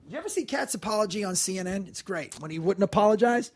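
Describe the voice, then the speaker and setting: A man with a high, husky voice tells stories as a guest comedian. He talks in a loose, profane way and jumps into loud impressions of the people he quotes. The talk is a relaxed studio podcast. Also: fast. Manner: animated, profane, acts out quotes loudly. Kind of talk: casual storytelling.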